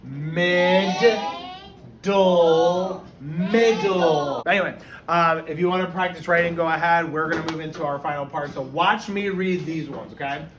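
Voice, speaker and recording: A male teacher giving a phonics lesson in an upbeat way, drawing out words so each syllable is clear. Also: on the high side, moderate pace, a crowd in the background. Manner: upbeat, stretches out and stresses words. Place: classroom. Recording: roomy and distant with faint hiss.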